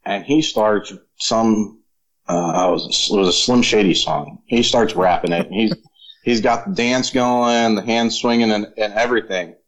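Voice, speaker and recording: A man and former Marine telling casual, profane stories in relaxed chat. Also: fairly low pitch, measured pace, low-quality recording. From Florida. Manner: profane, laid-back storyteller. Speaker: podcast guest, former Marine.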